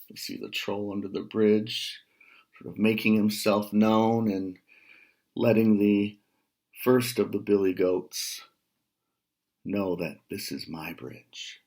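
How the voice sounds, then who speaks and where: A man's voice: fairly low pitch, fairly even intonation, slow pace, a little mellow. A man from Detroit reading a children's story aloud, stopping now and then to explain what is happening. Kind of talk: storybook read-aloud with asides.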